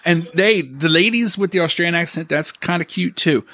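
A man's voice: a little high, normal speed, bright, forceful tone. A man hosting a casual interview, curious and joking, stumbling a little as he asks his questions. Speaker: podcast host.

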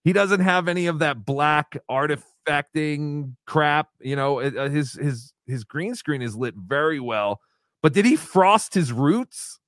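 A man hosting a casual livestream podcast, talking excitedly, swearing and laughing often as he tells a story. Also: on the high side, measured pace, no echo, studio quality. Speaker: podcast host.

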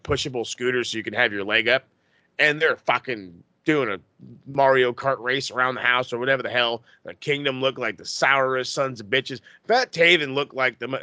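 A man's voice: medium pitch, sharp tone, no room sound. A man with an ordinary middle-range voice rants on a podcast, cursing freely and building up steam as he goes. The sound is dry and close, with no room around it. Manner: profane, fired-up ranting. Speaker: podcast host. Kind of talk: casual wrestling podcast rant.

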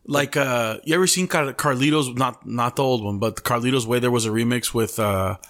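A young man holds the mic on a casual podcast, his voice sitting at an ordinary middle pitch. He rambles through stories full of swearing and "bro", and slips Spanish slang into his English. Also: a little fast, a bit bright. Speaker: podcast co-host. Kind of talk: casual chat.

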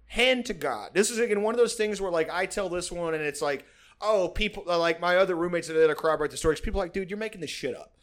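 Young male podcast host, slightly higher voice, loose profane storyteller, chatty and digressive. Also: fast talker. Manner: rambling and profane, heavy on "like", laughs often. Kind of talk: casual storytelling chat.

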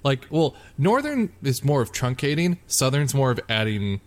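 A man's voice: mid-range voice, big pitch swings, moderate pace. Rambling man in casual podcast chat. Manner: rambling, full of "like" fillers, teasing. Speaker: podcast co-host.

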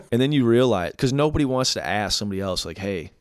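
A young man co-hosting a podcast in casual chat, animated, with crude humor and lots of "dude". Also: fairly low pitch, fairly quick, dry recording, clean studio sound. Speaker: podcast co-host.

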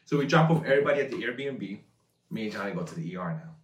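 A man's voice: lowish voice, lively intonation, quick pace, slight background noise. Laid-back man telling a story. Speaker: podcast guest. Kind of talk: casual podcast storytelling. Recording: echoey room, mic far off.

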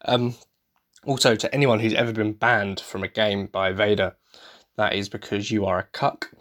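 A man's voice: lowish voice, a bit bright. A young man from the UK, a podcast host, tired and talking in a casual, rambling, frank way, swearing freely and laughing often. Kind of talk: casual solo chat.

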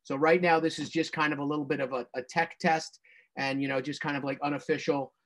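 A man hosts a video call and walks everyone through the stream setup. His voice sits a little high for a man, and he rambles with plenty of fillers. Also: fairly even intonation, fairly quick, a bit bright, a little hiss or hum. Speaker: host and stream producer. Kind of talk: explaining stream logistics.

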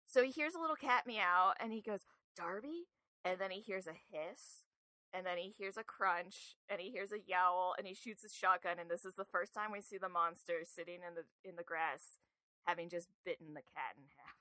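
A woman co-hosting a horror podcast, chatting casually and retelling scenes in an animated way. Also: fairly low pitch, brisk, no room sound. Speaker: podcast co-host. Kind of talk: casual chat.

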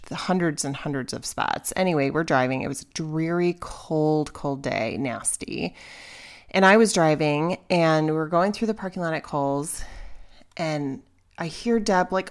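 A woman in her forties, hosting a podcast and candidly telling a personal story in a lively, exclaiming way. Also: sits low. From Chicago area, US. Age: 40s. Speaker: podcast host.

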